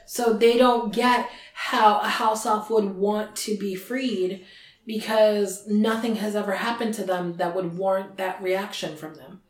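A woman's voice: mid-range voice, a little slow. Woman chatting in an echoey room. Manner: animated retelling. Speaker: podcast host. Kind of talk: casual book-discussion chat. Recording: roomy echo.

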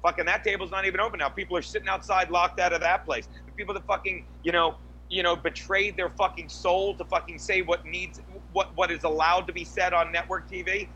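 A man's voice: sits high, steady tone, a little fast, sharp tone, muffled recording, a little hiss or hum. A man on a casual podcast, ranting and rambling with lots of swearing and restarts. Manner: profane, rambling, rant-like; many restarts and fillers. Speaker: podcast co-host, guest. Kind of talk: crude casual podcast chat.

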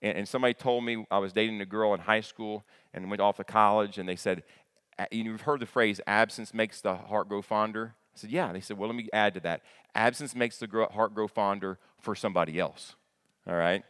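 A man's voice: lowish voice, a little fast, fairly bright tone. A male pastor preaching a sermon in a conversational way, repeating his words as he goes and asking the congregation questions. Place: church sanctuary. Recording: long hall reverb.

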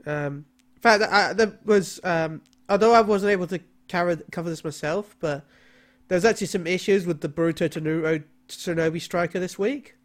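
A man's voice: sits high, moderate pace. A man co-hosting a casual gaming podcast, talking with frequent ums and restarts. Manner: hesitant, many ums and restarts. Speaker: podcast co-host. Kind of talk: casual chat.

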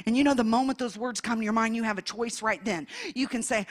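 A woman in her sixties preaching a Pentecostal sermon, fervent, calling out hallelujahs and swinging from loud exclamations to hushed storytelling. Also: fairly high pitch, fairly even intonation, quick pace, few pauses. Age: 60s.

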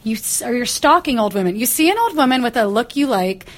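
A woman's voice: a little high, lively intonation, fast talker. A woman hosting a casual chat, teasing her guest playfully and restarting her sentences as she goes. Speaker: host.

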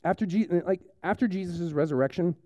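A man, preaching a conversational sermon and retelling a story with lively restarts. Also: high voice, a little fast, no echo, lo-fi sound. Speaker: pastor.

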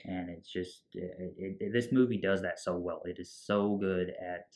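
Deep-voiced guy recapping a movie, does the characters' lines. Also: steady tone, moderate pace, darkish tone. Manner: retells scenes acting out characters' lines. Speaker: movie podcast co-host. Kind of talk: casual movie recap chat.

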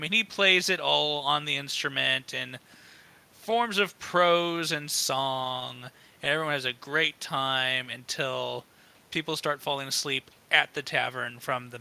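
A man narrating as game master of a tabletop game in an easygoing way, often pausing on fillers. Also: medium pitch, creaky, sharp tone, clear, resonant tone.

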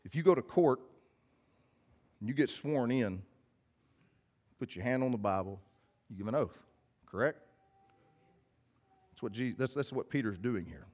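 In an expressive, medium-pitched voice with a darkish tone, a man preaches at a measured pace with long pauses. His sermon is casual and direct: he reads scripture, then explains it to listeners.

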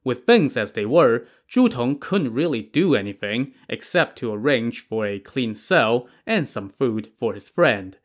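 A man telling an old story in a relaxed, casual way. He drops in wry, sarcastic asides and keeps his voice at a middling pitch. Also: measured pace, hardly any pauses. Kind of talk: casual narration of a classic tale.

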